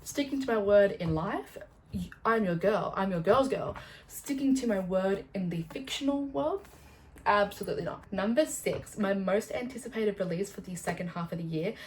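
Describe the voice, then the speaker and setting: A young woman book vlogger chatting to camera, gushing and excitable, swearing freely and rambling off topic. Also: medium pitch, normal speed, slight background noise, poor audio. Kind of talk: casual chat to camera.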